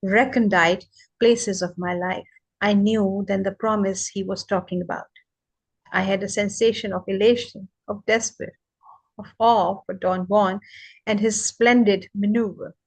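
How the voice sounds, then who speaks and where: Woman reading aloud at a brisk pace. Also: mid-range voice, steady tone, darkish tone, low-quality recording. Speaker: reader on a live reading.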